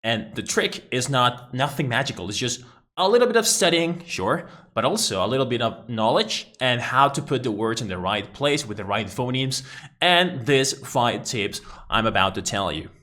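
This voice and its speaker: A man's voice: mid-range voice, normal speed. A man from Mexico, a native Spanish speaker with a Mexican Spanish accent, explaining things emphatically in a casual video lesson as an English teacher. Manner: emphatic, animated explaining to the camera.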